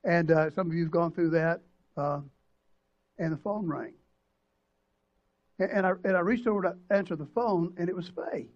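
An older pastor tells a story from the pulpit, his husky voice running a little high. He stops and restarts often and acts out the people in it with feeling. The church recording sounds dull and lo-fi. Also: darkish tone. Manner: emotional, halting storytelling with many restarts and acted quotes. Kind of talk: sermon storytelling. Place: church sanctuary.

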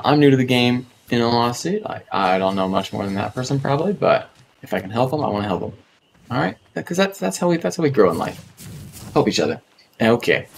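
There's a little hiss or hum behind this creaky, lowish male voice. The speaker, a gaming streamer from North America, chats casually through a survival game stream, speaking to the creatures and to himself and repeating words a lot.

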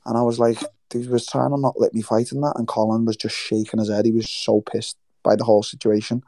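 Male guest, warm low tone, animated and profane, dry close sound. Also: brisk, no room sound. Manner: swears freely, animated storytelling with quoted voices. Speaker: guest fighter. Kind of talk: casual interview chat. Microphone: remote livestream call.

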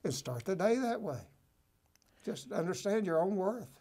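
A man's voice: sits high, expressive, normal speed, warm tone, breathy edge. Preachy, encouraging man hosting a talk show. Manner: preachy, encouraging, folksy asides like "right?" and "okay?". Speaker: host. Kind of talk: motivational talk show, reading from a book and commenting.

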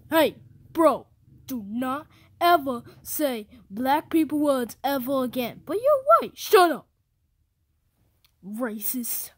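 A woman's voice: mid-range voice, unhurried, dry recording, lightly acted. A woman voicing Mario as a swaggering, slang-heavy wannabe gangster in an amateur fan movie. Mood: angry. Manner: swaggering slang, dismissive, bossy. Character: Mario acting as a cocky wannabe gangster, male adult.

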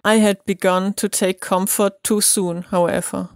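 Non-native woman reader with a German accent; smooth, unhurried narration, dry close sound. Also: medium pitch, flat delivery, dry recording. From Bavaria, Germany. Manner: slow, careful reading. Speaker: audiobook reader. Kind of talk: audiobook narration.

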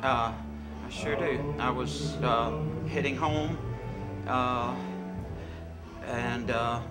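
A man being interviewed, who tells a personal story in a soft, hesitant way. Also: mid-range voice, steady tone, very slow. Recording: loud music behind the voice.

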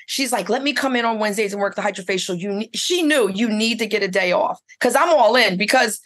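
A woman's voice: medium pitch, fast, a bit bright. A middle-aged woman who owns a spa, telling her story in a casual interview with eager, rambling restarts. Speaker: spa owner and esthetician.

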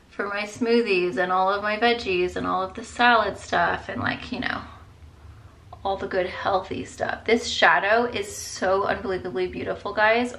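With a medium-pitched voice that's pushed and bright, with vocal fry, a woman in her thirties does her makeup and chats to viewers. She's a beauty vlogger who is tired and has a headache, and she says "like" and "you guys" constantly.

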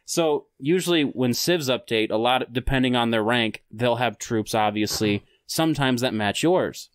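A man's voice: mid-range voice, moderate pace, hardly any pauses, smooth, no echo, clean studio sound. A man, telling a game story in casual podcast chat and acting out other players' lines. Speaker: podcast host.

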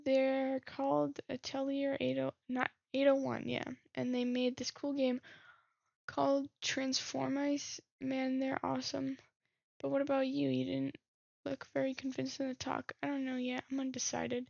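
A woman with a high, gravelly, husky voice reads game messages aloud and chats about them as she plays. She speaks in a fairly flat tone, close to a dry, dull-sounding mic. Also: unhurried, no echo. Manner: reads messages aloud, muses and laughs at herself. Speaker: gaming streamer. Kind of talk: reading game text aloud with commentary.

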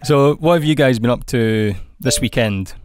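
Relaxed man co-hosting. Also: medium pitch, normal speed, smooth. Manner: relaxed, asks short questions. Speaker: podcast co-host. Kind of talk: casual podcast chat.

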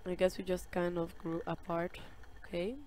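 A woman playing a game on camera, reading its chat messages aloud in a slow, drawn-out way and reacting with soft sympathy. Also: fairly low pitch, monotone. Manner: reads dialogue slowly, with soft sympathetic reactions. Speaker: gaming video creator. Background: loud game music and keyboard typing.

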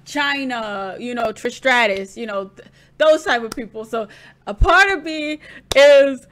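A woman comments on a clip in a casual reaction video, slightly high-pitched and unhurried. She rambles, restarting her thoughts as she goes. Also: animated, a bit bright. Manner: rambling, many fillers and restarts.

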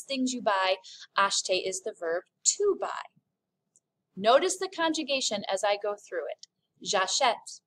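Slow, careful woman teaching a class. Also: on the high side, fairly bright tone. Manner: slow, deliberate enunciation with playful asides. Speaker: French teacher. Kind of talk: classroom lesson.

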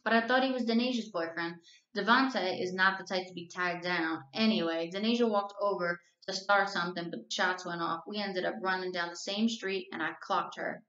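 A woman teacher reading a novel aloud to her class, telling the story at a steady, even pace. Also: on the low side, a little fast. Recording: roomy, slightly dull recording.

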